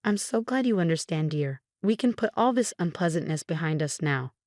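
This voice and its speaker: A woman's voice: fairly low pitch, lively intonation, moderate pace, darkish tone, dry recording, clean studio sound, close to an everyday voice. A woman reading the lines of a cold, falsely sympathetic older mother-in-law in a scripted story, her voice sugary. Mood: smugly cruel.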